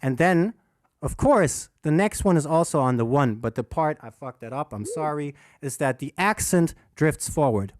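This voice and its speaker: Brief: male DJ running a live workshop, animated pitch, profane and self-mocking, faint music behind. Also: moderate pace. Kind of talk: casual livestream teaching. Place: alone in a room under a bright light.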